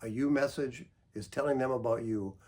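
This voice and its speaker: A man counselor calmly giving advice, patient and gentle, explaining through examples. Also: mid-range voice, moderate pace, breathy edge. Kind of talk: calm instructional talk.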